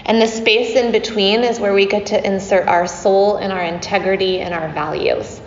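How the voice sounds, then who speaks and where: A woman's voice: mid-range voice, steady tone, moderate pace, a little hiss or hum. A middle-aged woman, a yoga teacher, giving a chatty dharma talk to her class, laughing often and using many fillers. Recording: dull echoey hall recording.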